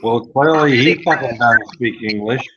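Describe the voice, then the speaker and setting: A man's voice: medium pitch, normal speed, bright, forceful tone. A man swaps crude, swearing jabs in a casual online group call. His voice comes through a muffled, lo-fi line. A faint hiss runs underneath. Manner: crude, insulting, mocking banter.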